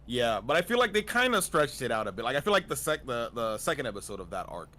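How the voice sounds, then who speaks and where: A man's voice: medium pitch, very animated, quick pace, sharp tone. A man chatting casually as a guest on a stream, rambling with lots of restarts and fillers. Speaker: guest on a streamed anime discussion. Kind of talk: casual chat.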